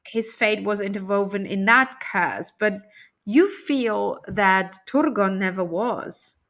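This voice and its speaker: A woman's voice: medium pitch, slow, a bit bright. A woman hosting a casual discussion, playful and jokey with many fillers, speaking English as a second language. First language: not English. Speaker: channel host. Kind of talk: casual video-call discussion.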